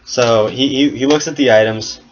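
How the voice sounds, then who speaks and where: A man's voice: mid-range voice, normal speed. A man narrating as game master of a tabletop game in a casual, swearing way. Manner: casual, swearing, laughs at his own story. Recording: dull lo-fi sound with noise.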